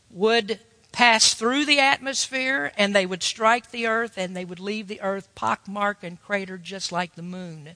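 A man delivers a sermon in a high, bright voice, folksy and emphatic as he spins a story for his listeners. The sound is dry and close, yet trails off into a long hall reverb. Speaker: preacher.

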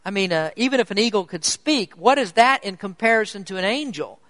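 Preacher guy, fairly high voice, dry close sound, really drives his points home. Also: expressive, fairly quick, a bit bright, no room sound. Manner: emphatic preaching with rising, urgent emphasis. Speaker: pastor. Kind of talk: sermon.

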